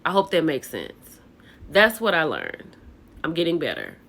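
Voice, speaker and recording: A woman's voice: deep voice, huge pitch swings, a little slow, creaky, a bit bright. A woman hosting a casual reality TV recap, chatty and opinionated, talking straight to her viewers.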